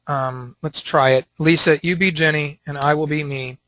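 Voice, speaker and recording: A man leading a Christian teaching panel, talking in an animated way and acting out quotes. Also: a little high, normal speed.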